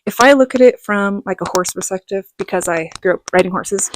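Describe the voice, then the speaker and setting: A middle-aged woman telling a personal story in a casual vlog, animated and laughing, acting out what others said. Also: medium pitch, fairly quick, slight background noise. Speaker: vlogger.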